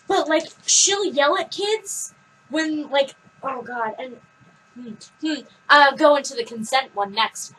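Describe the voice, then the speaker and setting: A woman's voice: sits high, a little slow, bright, forceful tone, a little hiss or hum, poor audio. A teenage girl chatting casually on a vlog, telling rambling stories in a blunt way. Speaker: vlog co-host. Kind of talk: casual chat.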